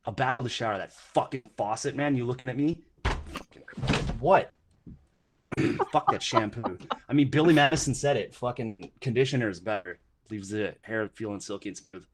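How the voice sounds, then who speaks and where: A man's voice: mid-range voice, fairly quick, few pauses, slight background noise. Crude, rambling man joking around. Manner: profane, rambling, self-mocking. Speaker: guest musician. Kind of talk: crude joking podcast chat.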